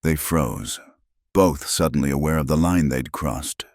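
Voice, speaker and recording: Man, scripted story narration, measured and hushed, very low voice. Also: no room sound, clean studio sound.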